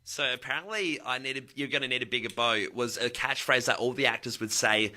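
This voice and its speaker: A man's voice: medium pitch, a little fast, over loud music. A man co-hosting a radio breakfast show, chatting casually and laughing often as he shares movie facts. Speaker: radio co-host, movie buff.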